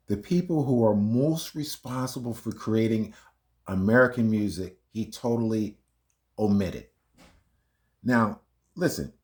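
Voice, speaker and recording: A man hosting a reaction video, talking casually and arguing emphatically between clips. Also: medium pitch. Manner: emphatic, argumentative, fumbling with playback. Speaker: commentary channel host.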